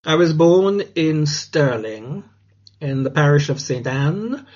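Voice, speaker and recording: An older man from Jamaica, reminiscing thoughtfully and unhurriedly about his childhood, with frequent restarts and pauses. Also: fairly high pitch, expressive, darkish tone. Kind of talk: reflective oral-history recollection. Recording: dull lo-fi recording.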